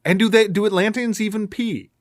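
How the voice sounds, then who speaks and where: A sarcastic man co-hosting a casual podcast, rambling through a movie recap with mock outrage. His voice sits a bit higher than most men's and sounds dry and close to the mic. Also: a little fast, no echo. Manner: sarcastic, ranting, puts on silly voices. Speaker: podcast co-host.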